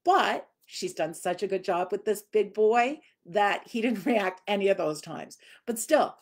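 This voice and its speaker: A woman's voice: mid-range voice, animated, unhurried. Chatty woman dog trainer. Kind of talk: live Q&A teaching.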